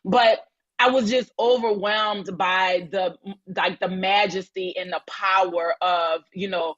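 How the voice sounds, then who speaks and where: A woman's voice: mid-range voice, fairly even intonation, slow, a bit bright. Effusive rambling woman from New Orleans. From New Orleans, USA. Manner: effusive, rambling storyteller with many restarts. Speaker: audience speaker on a live audio chat. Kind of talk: casual chat. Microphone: phone in an audio-chat app. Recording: lo-fi online audio-room sound.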